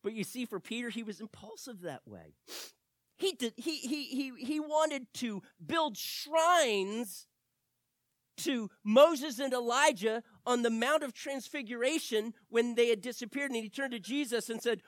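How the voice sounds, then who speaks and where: Animated male preacher in a dry sound. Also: very high voice, a little slow, dry recording. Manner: animated storytelling, swings from loud to hushed. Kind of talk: sermon.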